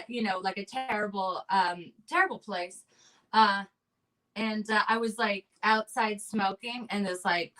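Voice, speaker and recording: A woman's voice: mid-range voice, a bit bright, distant mic, rough recording. A young woman hosting a comedy showcase from home, telling a stand-up story in a chatty, profane way full of fillers. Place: at home on a video stream.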